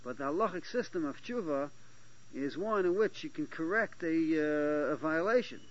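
A man giving a Talmudic lecture to a small class, halting and restarting often and checking that his listeners follow. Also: fairly high pitch, expressive. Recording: dull lo-fi lecture recording with faint hiss.

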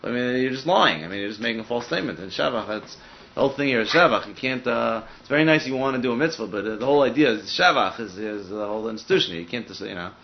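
Male Talmud teacher, rapid, thinking-aloud delivery, muffled lo-fi recording. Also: mid-range voice, lively intonation, gravelly, a little hiss or hum. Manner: fast, thinking aloud with many "I mean" asides. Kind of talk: casual study-group teaching. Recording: dull lo-fi recording.

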